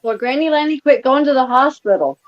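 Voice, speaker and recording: A man's voice: extremely high pitch, brisk. A man in casual chat, opinionated and telling anecdotes, heard on a dull lo-fi recording. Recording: dull lo-fi sound.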